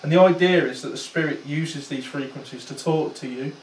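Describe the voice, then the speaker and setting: A man with a voice on the high side talks fairly quickly, with slight background noise in the clip. He's a paranormal investigator giving a casual, filler-laden story to a small audience, captured from afar in a roomy space.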